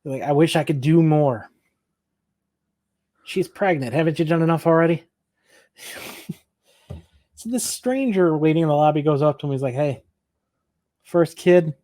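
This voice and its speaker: A man's voice: a little high, unhurried, long pauses, warm tone, no room sound, clean studio sound. A man co-hosting a podcast, recapping an episode in casual chat, laughing often and acting out the characters' lines. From Michigan. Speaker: podcast co-host.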